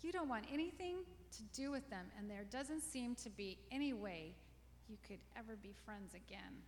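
A woman reading a children's story aloud, gently stopping to ask the young listeners questions. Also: fairly high pitch, moderate pace, a little hiss or hum. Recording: long reverberant room echo.

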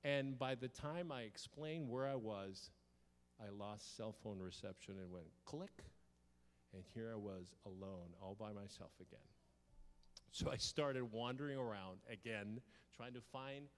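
A man preaching, telling a story from his own life in a lively way, acting out his shouts and the lines of dialogue. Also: lowish voice, unhurried. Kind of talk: storytelling sermon. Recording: long hall reverb.

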